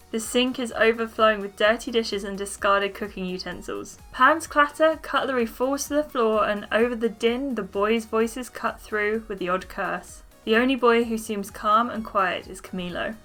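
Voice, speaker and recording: A woman's voice: fairly high pitch, normal speed, hardly any pauses, fairly bright tone, faint music behind. A woman hosting a gaming channel, reading a story game aloud and making chatty, playful asides.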